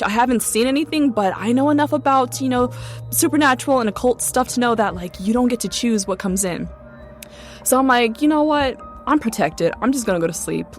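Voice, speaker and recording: A young woman casually recounting a true ghost story in a chatty way, full of "like" and "um" fillers. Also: fairly low pitch. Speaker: guest storyteller.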